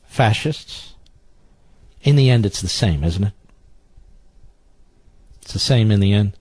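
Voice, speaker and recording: A man's voice: mid-range voice, darkish tone, no echo. A middle-aged man hosting political talk radio, indignant and repeating phrases for emphasis. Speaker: radio talk show host.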